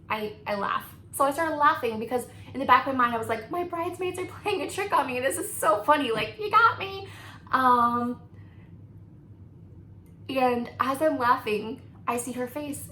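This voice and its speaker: A beauty vlogger in her thirties talks casually while doing her makeup. Her voice sits a bit high and she laughs often, filling her talk with likes and ums. The room sounds echoey, with a faint hiss behind her. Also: fairly bright tone.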